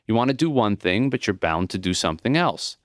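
A man voicing a gentle, dying old male professor in an audiobook, speaking softly and calmly, his voice wobbly and short of breath. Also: fairly low pitch, fairly quick, no echo, studio quality. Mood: teacherly. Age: older. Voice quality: soft. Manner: calm, accepting, wobbly when breath runs short.

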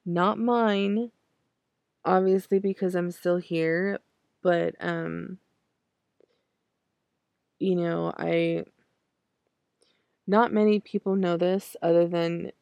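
A woman in her thirties recites poetry in a slow, measured way, her voice heavy with vocal fry. Her tone is dark and mellow, and the recording is dry and close with no room sound. Between poems she speaks in hesitant asides. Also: on the low side, fairly even intonation, dry recording, muffled recording. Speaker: podcast host. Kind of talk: poetry recitation and personal commentary.

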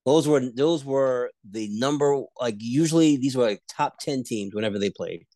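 A man co-hosting a casual sports podcast, debating rivalries and jumping high in pitch when he argues. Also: normal speed, no echo. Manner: animated, pitch jumps high when arguing.

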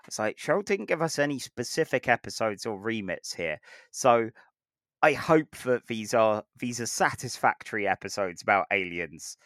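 A man's voice: on the low side, fairly bright tone, no room sound. A young British man co-hosting a podcast in casual chat, laughing easily and making fun of himself. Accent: British English. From Britain. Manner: laughs easily, self-deprecating. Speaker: podcast co-host.

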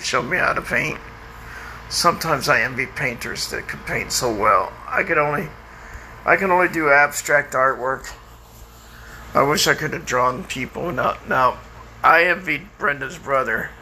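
Gravelly older man rambling candidly. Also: mid-range voice, sharp tone, slight background noise, low-quality recording. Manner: rambling, halting, with many restarts and fillers. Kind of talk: personal monologue. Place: outdoors by a house, lawnmower nearby.

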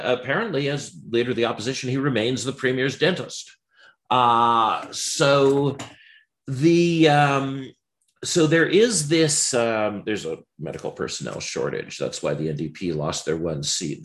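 Wry rambling male political commentator. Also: fairly low pitch. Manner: wry, digressive, many ums and uhs. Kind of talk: unscripted political commentary monologue.

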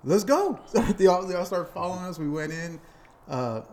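A man's voice: on the high side, fairly quick, darkish tone, a little hiss or hum. A man co-hosting a podcast, telling a story in an upbeat, casual way. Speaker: podcast co-host.

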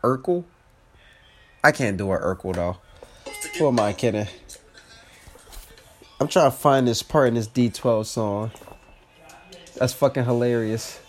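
A man's voice: mid-range voice, unhurried, long pauses, soft background music. Congested man rambling on his podcast. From New Jersey, USA. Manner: profane and self-mocking, laughs often. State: congested, sick. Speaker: comedian podcast host. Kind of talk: casual solo podcast rambling.

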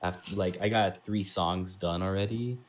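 Deep-voiced laid-back young man. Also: steady tone, measured pace. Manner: laid-back, says "like" a lot, laughs easily. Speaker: musician and co-host. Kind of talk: casual chat among friends.

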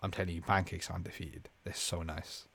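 A man's voice: sits low, flat delivery, brisk, gravelly, fairly bright tone, breathy edge. A young man hosting a casual podcast with friends, bantering and laughing often. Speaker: podcast host.

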